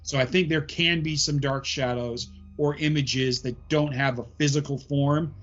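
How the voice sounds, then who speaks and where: A man talking as a guest on a casual podcast, his voice sitting slightly high. He wanders through his points with plenty of "um" fillers. The recording is dull and lo-fi, with faint music underneath. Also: steady tone, normal speed, a bit bright. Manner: rambling explanations full of "um" fillers. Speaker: paranormal investigator guest.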